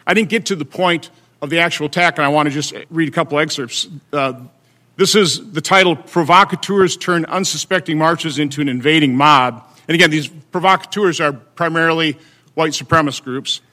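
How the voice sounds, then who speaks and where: A man at a hearing reading testimony into the record in a measured, halting way with many fillers. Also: fairly high pitch, pushed and bright. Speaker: senator at a hearing.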